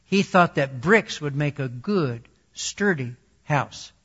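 Male storyteller, slightly high voice, very slow and deliberate read-aloud; dull lo-fi recording. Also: animated, fairly bright tone, breathy edge. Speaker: storyteller and Bible teacher. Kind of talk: reading a children's story aloud.

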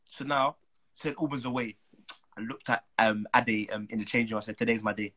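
A young man, a footballer telling an animated, slang-filled story as a guest. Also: mid-range voice, a little fast, poor audio. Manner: animated, slang-heavy, acts out the people he quotes. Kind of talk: casual storytelling.

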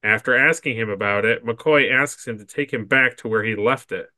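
A man co-hosts a podcast with a bright, forceful voice, recorded dry and close with no room sound. He trades casual banter with a friend and reads episode summaries aloud in an even, steady way. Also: mid-range voice, moderate pace, no echo. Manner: laughs often, stammers when giving opinions. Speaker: podcast co-host. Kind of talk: casual chat and reading episode recaps.

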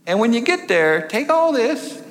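A man's voice: extremely high pitch, big pitch swings, moderate pace, in a large hall, a little hiss or hum, pitched above the performer's own voice. A man voicing a candid woman who starts out hesitant and then presses eager advice on him. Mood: urging. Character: a candid, prodding woman visitor.

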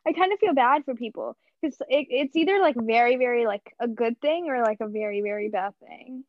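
A young woman with a high, bright pitch co-hosts a casual podcast, rambling through her thoughts with plenty of fillers and jokes at her own expense. The sound is dry and close, with a slightly muffled, lo-fi quality. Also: a little fast, no room sound. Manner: rambling, filler-heavy, self-mocking. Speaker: podcast co-host. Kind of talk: casual chat.

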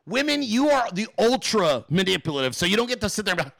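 A man hosting a live show, ranting without a script to his chat, swearing constantly and acting out quotes in exaggerated high voices. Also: big pitch swings, fast talker, gravelly, hardly any pauses, fairly bright tone, dry recording, clean studio sound. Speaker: livestream host. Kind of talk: profane unscripted rant to a live chat.

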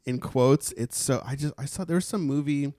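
A man's voice: medium pitch, normal speed, dark tone, no room sound. Rambling, playful man in dry chat. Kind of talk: casual chat.

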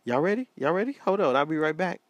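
A man's voice: fairly high pitch, expressive, fast, very noisy. An American man hosting a casual solo podcast, talking in a chatty, repetitive way and calling his listeners y'all, a little sleepy. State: sleepy, yawning. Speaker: podcast host. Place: small home studio.

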